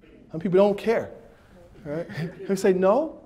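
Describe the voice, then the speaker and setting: A man with a high-pitched voice gives a motivational talk at a dinner. He poses questions to the crowd, drops into quiet asides and then bursts into playful sound effects. His storytelling is lively and conversational. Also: a little slow. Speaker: motivational speaker and coach. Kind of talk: motivational speech. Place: dinner banquet.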